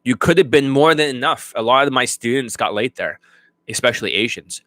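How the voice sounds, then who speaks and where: A man's voice: mid-range voice, expressive, a little fast, a bit bright, no room sound. A man working as a dating coach, ranting bluntly and profanely to his students. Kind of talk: unscripted monologue to students.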